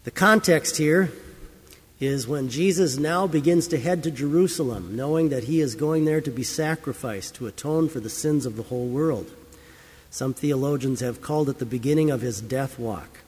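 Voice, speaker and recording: A man's voice: mid-range voice, normal speed, darkish tone, breathy edge, in a large hall. A man, a pastor, reads scripture and then preaches a sermon in an earnest storytelling manner with emphatic rises. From United States.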